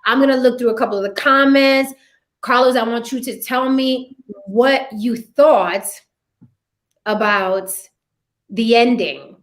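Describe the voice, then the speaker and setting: A woman hosts a casual live film review chat. Her voice sits high, and she talks in an animated way, often slipping into quoted voices to act out scenes. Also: measured pace. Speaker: host.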